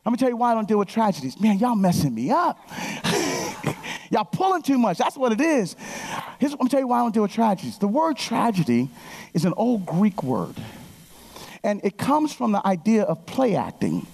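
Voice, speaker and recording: Woman in her 50s, lively preacher, gravelly texture, works the room with anecdotes. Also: mid-range voice, moderate pace. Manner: animated storytelling, calls out to the congregation. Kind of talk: sermon.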